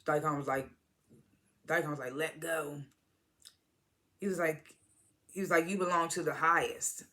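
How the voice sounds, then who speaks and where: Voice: mid-range voice, fairly even intonation, normal speed, bright, forceful tone. A speaker casually recapping a TV episode, retelling scenes as quoted dialogue, swearing freely and chuckling along. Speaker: TV episode reviewer.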